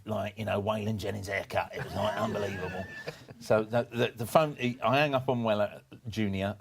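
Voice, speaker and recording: A man's voice: on the low side, creaky, a little hiss or hum. Man telling comic anecdotes, laughing often. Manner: animated anecdote-telling, jumps into comic voices for quoted people; lots of restarts and laughter. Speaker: podcast guest, former performance poet. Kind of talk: casual storytelling chat.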